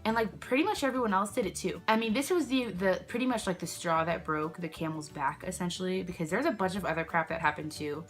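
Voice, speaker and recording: A young vlogger with a lowish voice talks fast and barely pauses as she tells a casual storytime at home, candles nearby and soft music in the background. She rambles and chats, sidetracking, interrupting herself, and saying "like" constantly, all filmed on her own camera.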